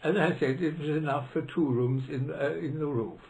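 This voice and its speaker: A man's voice: on the high side, normal speed, creaky, a little mellow, a little hiss or hum, poor audio. Hesitant older foreign-born man reminiscing. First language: not English. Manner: hesitant, anecdotal, acts out quotes in raised voice. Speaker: interviewee, retired law professor. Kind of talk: oral history interview.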